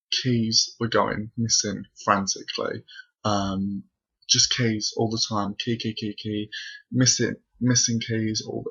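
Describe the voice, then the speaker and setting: In a dull lo-fi recording from his bedroom, a young male vlogger rambles breathlessly through a spooky personal story to camera, packed with fillers. His voice is fairly low with vocal fry, a sharp tone, and a breathy edge.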